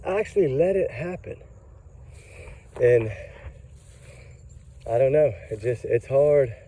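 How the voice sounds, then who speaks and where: A man's voice: mid-range voice, expressive, slow pace, warm tone, a little hiss or hum, rough recording. Fired-up man ranting, out of breath. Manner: heated, ranting, emphatic. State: out of breath, tired. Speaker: true crime commentator. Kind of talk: angry casual commentary.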